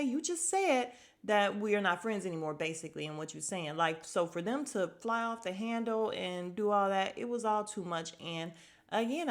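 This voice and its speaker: A woman hosting a podcast, giving a chatty and opinionated recap of a reality show and acting out the cast's lines. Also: lowish voice. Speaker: podcast host.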